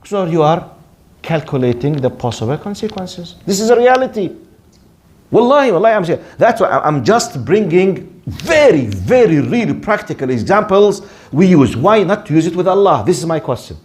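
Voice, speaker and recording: Emphatic, high-voiced male religious teacher. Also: very animated, normal speed, a little mellow. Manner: emphatic, rhetorical questions, repeats words. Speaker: Islamic teacher. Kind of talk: religious lesson. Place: lecture in Canada.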